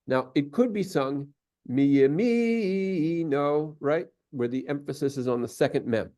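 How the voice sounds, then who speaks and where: A man's voice: medium pitch, normal speed, darkish tone. A man teaching a class, explaining at length with many fillers and restarts and taking questions.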